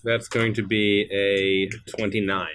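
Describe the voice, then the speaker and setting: A man's voice: lowish voice, flat delivery, unhurried, noisy background. A man playing a tabletop game, talking in a hesitant, stammering way. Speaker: player.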